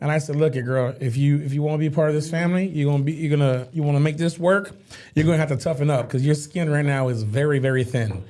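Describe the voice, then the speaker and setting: Young male co-host, pitch a bit high, teasing, jokey, laid-back slang. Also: fairly even intonation, quick pace, darkish tone. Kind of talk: casual chat on a live show.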